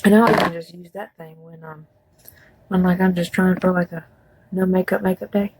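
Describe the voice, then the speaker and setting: A woman's voice: fairly low pitch, steady tone, normal speed, slightly rough, rough recording. A woman chatting casually through a makeup tutorial, rambling with folksy asides. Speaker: beauty vlogger.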